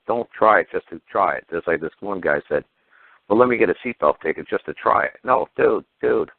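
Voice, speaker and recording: Deep-voiced, profane man on a phone line. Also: gravelly, no room sound. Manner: blunt, profane, fired-up storytelling. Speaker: talk show guest. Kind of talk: casual call-in radio chat.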